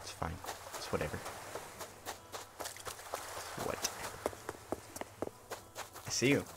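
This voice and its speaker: A man's voice: deep voice, expressive, unhurried, vocal fry, music in the background. A tired young man streaming a game, grumbling in sarcastic mock indifference. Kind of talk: casual live-stream gameplay commentary. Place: hot room at home. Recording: noisy home stream recording.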